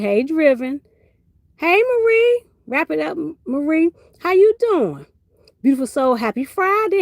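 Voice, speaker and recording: A chatty woman hosts her own live stream, greeting viewers by name and reading their comments out loud. Her voice sits a little high, rising into excited greetings. The sound is dry and close to the mic. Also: no room sound. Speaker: livestream host. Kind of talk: casual livestream chat reading comments.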